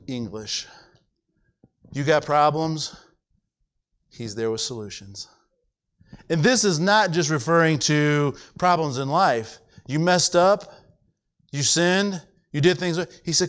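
Impassioned preacher, smooth tenor voice. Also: male voice, expressive, unhurried, fairly bright tone. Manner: impassioned, repeats words, voice rises high when emphatic; stumbles and restarts often. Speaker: pastor. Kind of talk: sermon.

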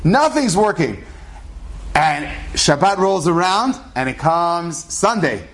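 A man's voice: fairly high pitch, slow pace, fairly bright tone. A man telling a story in a casual, rambling, conversational way, full of asides.

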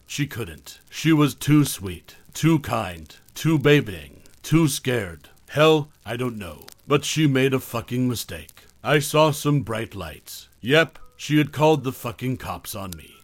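A man's voice: medium pitch, animated, unhurried, hardly any pauses, no echo, close to an everyday voice. A man voicing a drunk, violent husband who rambles crudely and defensively through a confession. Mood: bitter.

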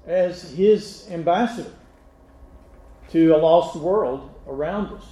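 A man's voice: a little high, mellow, reverberant, rough recording. A male pastor giving a sermon, speaking unhurriedly with frequent restarts and direct questions to the congregation. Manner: unhurried, halting delivery with many restarts and fillers.

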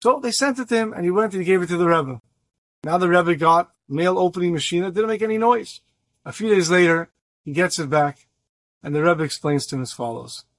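A man's voice: high voice, fairly quick, no echo. A man narrating an inspirational story in an earnest way, acting out the voices of the people in it. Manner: earnest, acts out the voices in his stories.

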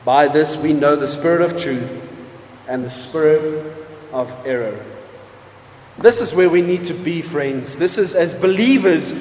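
A man with a high voice preaches slowly and deliberately, his words ringing through a large hall with long reverb. He presses on key words, then drops to a hush. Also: slight background noise. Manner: emphatic preaching with wide swings in loudness and pace, drawn-out key words. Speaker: pastor. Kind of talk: sermon.

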